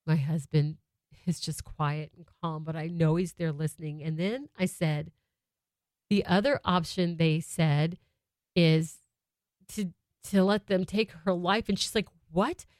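A woman's voice: on the low side, a little slow, a little mellow, dry recording. A woman in her thirties telling a heartfelt personal story about her family in a conversational way, close to a microphone. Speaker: mother sharing a family story.

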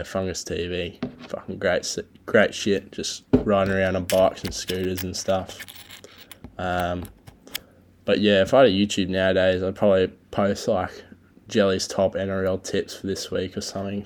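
Crude, deep-voiced Australian bloke rambling. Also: male voice, flat delivery, unhurried, slight background noise. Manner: crude, swearing, laid-back storytelling. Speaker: solo podcast host. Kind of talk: casual rambling chat. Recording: low-quality home recording.

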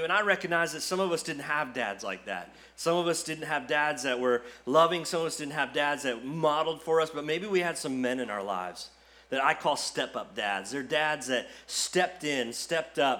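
A man in his forties, a pastor telling a family story with small jokes in a Sunday sermon, then praying. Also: medium pitch. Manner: storytelling, quips and jokes, then prays softly.

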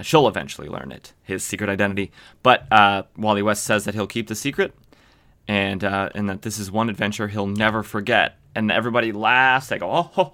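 A man's voice: lowish voice, bright, forceful tone. A man hosting a podcast, casually recapping a comic book with lots of fillers and self-corrections. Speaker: podcast host.

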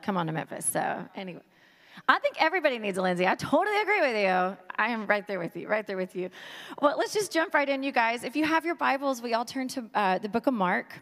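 A woman's voice: mid-range voice, a bit bright. A woman, giving a joking, conversational sermon as a guest speaker and urging the audience to talk back. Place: church sanctuary. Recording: long reverb from a hall.

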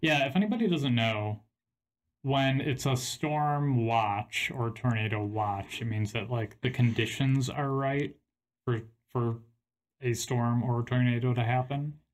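A man's voice: medium pitch, a little slow. Young man, podcast co-host, easygoing, plain explainer, casual chat.

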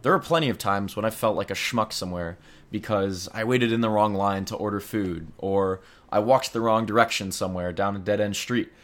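A young man in his twenties hosting a comedy podcast, delivering a scripted monologue with deadpan, self-deprecating humor. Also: on the low side, a little fast. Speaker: podcast host.

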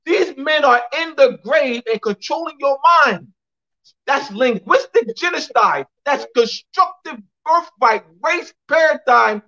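A guest speaker on a call delivers an emphatic lecture, repeating phrases for clarity and spelling names out letter by letter. His very high voice sounds pushed and bright, though the audio itself is dull.

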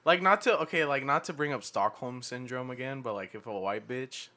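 A young man in crude casual chat with friends, talking loudly and laughing often. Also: medium pitch, fairly quick. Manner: loud, laughing, bursts into goofy put-on voices.

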